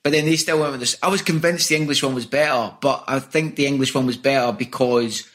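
Scottish man, comedian, casual video call chat, self-deprecating, rambling, mid-pitched. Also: steady tone, quick pace, a bit bright. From Scotland. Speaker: comedian guest.

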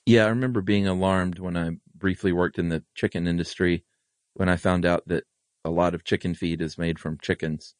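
A man's voice: fairly even intonation, a little fast, dry recording. A man co-hosting a podcast in casual chat, understated and wry. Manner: low-key, wry, understated. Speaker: podcast co-host. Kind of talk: casual chat and reading listener mail.

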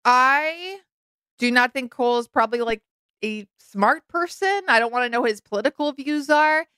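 A young adult woman co-hosting a podcast, talking through a reality show in a frank, animated, casual way. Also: sits high, normal speed, clean tone, no echo. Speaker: podcast co-host. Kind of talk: casual recap chat.

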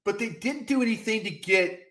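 A man co-hosting a casual sports podcast, talking in a folksy, animated way with plenty of "I tell you what.". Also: sits high, a little fast, roomy sound. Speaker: podcast co-host.

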